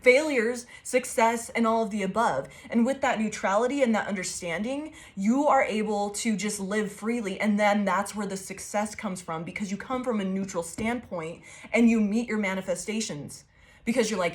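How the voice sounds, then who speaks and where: A woman of middle pitch giving a loose, casual tarot reading. She talks in an excitable, foul-mouthed way, and her sentences ramble and restart as she goes. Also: moderate pace. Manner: excitable and profane, laughing often. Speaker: tarot reader.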